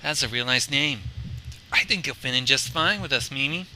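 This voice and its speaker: A man voicing a slow, dreamy teenage girl with a light Southern US accent in a fan story reading. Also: medium pitch, pushed and bright, a little hiss or hum, pitched below the performer's own voice, poor audio.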